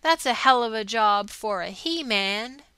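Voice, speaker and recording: A woman voicing wounded young soldier, gruff, dazed, slow, bright. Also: fairly high pitch, expressive, dry recording. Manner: blunt, dazed, then rough.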